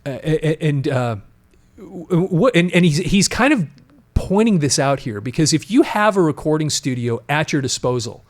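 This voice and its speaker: A man's voice: fairly high pitch, big pitch swings, normal speed. A man hosting a casual talk show, explaining at length with frequent restarts and emphatic asides. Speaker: podcast host. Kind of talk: casual conversational commentary.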